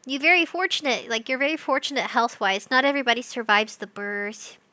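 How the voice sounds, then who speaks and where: Young woman, high voice, giggly, scatterbrained live-stream chatter, dry close mic. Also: brisk, sharp tone, dry recording. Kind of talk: casual live-stream chat.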